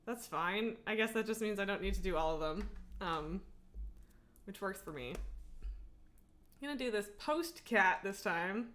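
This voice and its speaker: A woman's voice: medium pitch, lively intonation, measured pace, pauses often, fairly bright tone. Chatty woman streamer who laughs a lot. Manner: chatty, laughs often, coos baby talk to her cat. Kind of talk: casual live-stream chat while gaming. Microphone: headphones on, desk setup.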